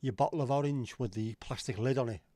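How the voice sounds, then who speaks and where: A man's voice: mid-range voice, fast, warm tone, no echo. A middle-aged man hosting a casual livestream, rambling, swearing now and then and answering chat comments. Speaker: livestream host.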